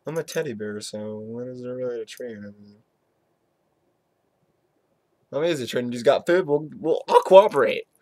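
Silly home vlogger, animated pitch, dry close room sound. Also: a little fast, no room sound. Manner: silly, swings in and out of joke voices. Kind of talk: goofy home video monologue.

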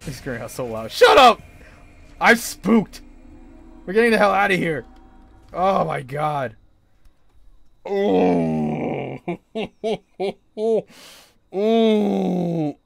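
A young man commenting on a horror game in a high voice that leaps all over the place. He jumps at every scare and covers it with nervous laughter. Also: expressive, drawn-out words, creaky, pauses often, no echo. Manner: jumpy, yelps and nervous laughter. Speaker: gaming streamer. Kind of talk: horror let's play commentary.

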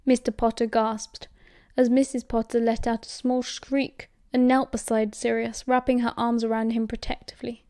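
Mellow British woman reading aloud. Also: on the high side, flat delivery, normal speed, dry recording, clean studio sound. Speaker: audiobook reader. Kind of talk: fan audiobook narration.

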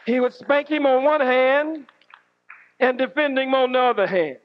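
A man giving a fiery sermon-style speech, preaching with dramatic pauses and shouted outbursts. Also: extremely high pitch. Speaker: minister. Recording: dull lo-fi archive recording.

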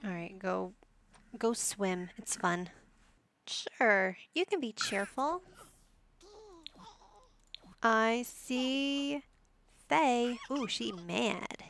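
A woman's voice: on the high side, animated, extremely slow, vocal fry, pauses often, a bit bright. A woman giving casual gameplay commentary, chatty and sassy as she bosses her game characters around.

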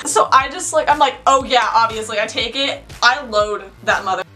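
A woman's voice: on the high side, normal speed, few pauses. A young woman vlogger telling a storytime, chatty and full of "like" fillers. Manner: chatty, fillers of "like", animated retelling. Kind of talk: storytime vlog.

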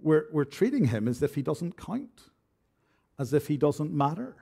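Guy preaching in church, kinda high voice, earnest, keeps asking the congregation questions. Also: sing-song, normal speed, vocal fry, warm tone, husky. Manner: earnest, direct, uses rhetorical questions. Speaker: pastor. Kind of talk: expository sermon.

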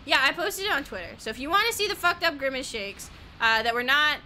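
A woman's voice: sits high, expressive, quick pace, sharp tone, a little hiss or hum. A woman gaming streamer chatting casually while she plays, rambling, giggly, easily sidetracked and swearing a lot.

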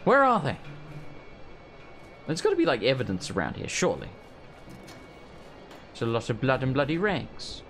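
Animated, swearing gameplay commentator man. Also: medium pitch, fairly quick, long pauses, soft background music. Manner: laughs often, swears casually. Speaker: let's play host.

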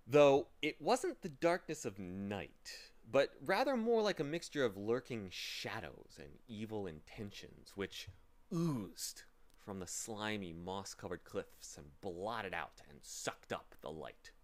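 A man reading a children's novel aloud with slow, dramatic narration. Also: lowish voice, very animated. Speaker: reader. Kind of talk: storybook reading.

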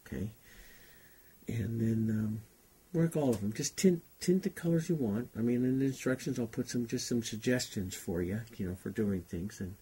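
A man's voice: medium pitch, animated, moderate pace, warm tone, husky. A man teaching a painting class, talking unhurriedly and thinking aloud as he paints. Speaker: painting instructor. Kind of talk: relaxed painting demonstration.

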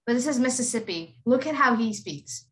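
A woman's voice: fairly high pitch, expressive, a little fast, fairly bright tone, poor audio. A woman from Ohio, explaining in a casual online lesson. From Ohio, USA. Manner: chatty, explaining, talks to herself. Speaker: accent teacher. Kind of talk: online lesson reacting to video clips.

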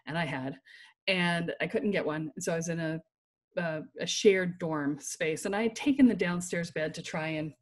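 A woman guest on a podcast telling a personal story in an animated way, laughing and checking in with "right?". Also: lowish voice. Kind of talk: storytelling in conversation.

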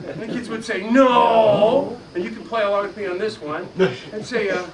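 A man performing a magic trick for a live audience, teasing them playfully and drawing shouted answers back from them. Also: sits high, normal speed, creaky, over a noisy crowd. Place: magic store lecture room, indoors. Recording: distant mic with noisy live room.

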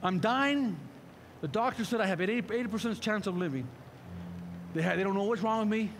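Fervent preacher, high-pitched man, in an echoey hall with faint noise. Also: fairly quick. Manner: fervent, repeats rhetorical questions. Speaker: pastor. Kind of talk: sermon.

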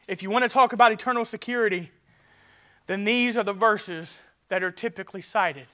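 A male pastor preaching a sermon with passion, swinging from loud urgency to quiet and often stammering and restarting. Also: sits high, fairly quick.

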